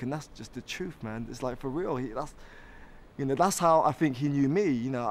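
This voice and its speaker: A male musician speaks in a laid-back, heartfelt way. His voice sits at an ordinary pitch, with a faint noise behind him. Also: darkish tone. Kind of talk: casual interview.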